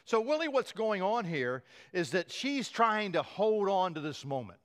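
A male pastor preaching a sermon, telling the story with animated voices for the quoted lines and frequent chuckles. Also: high-pitched.

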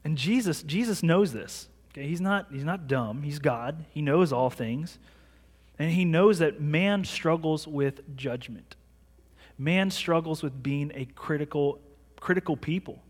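On the high side with a breathy edge, the voice of this man in his thirties keeps a measured pace as he preaches. The pastor shares his sermon through relaxed storytelling and self-mocking humor, recorded with long reverb in a large church sanctuary.

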